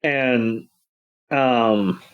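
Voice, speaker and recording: Guy on a podcast going over an episode, loose and rambly, fills every pause with um and you know, does little quote voices. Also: medium pitch, clear, resonant tone, muffled recording. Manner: rambling, many ums and you-knows, acts out quotes. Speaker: podcast co-host. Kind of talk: casual episode recap.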